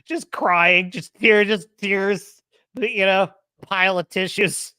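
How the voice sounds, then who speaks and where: A woman's voice: medium pitch, slow, sharp tone, clear, resonant tone, dry recording, clean studio sound. A woman hosting a show, ranting casually and sarcastically, laughing often and doing mocking impressions. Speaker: show host. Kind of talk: casual commentary rant.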